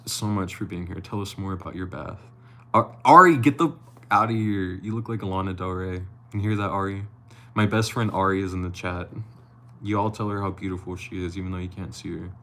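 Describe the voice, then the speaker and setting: Low, gravelly-voiced man chatting on a live stream. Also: slight background noise. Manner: loose and chatty, swears casually, slips while reading. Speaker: live-stream host reading a novel aloud. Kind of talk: casual live-stream reading and chatting with viewers.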